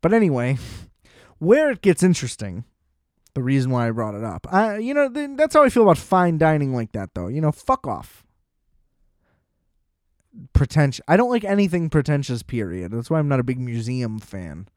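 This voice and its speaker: A young man rants in a casual chat, sarcastic and full of profanity, slipping into mocking voices. His voice sits a bit high for a man. The sound is dry and close. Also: sing-song, normal speed, no room sound.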